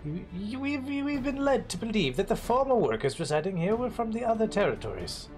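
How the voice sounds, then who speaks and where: Measured, wary officer, a man reading the part with a noticeably higher voice. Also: sing-song, a little mellow, soft background music. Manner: clipped, formal speech.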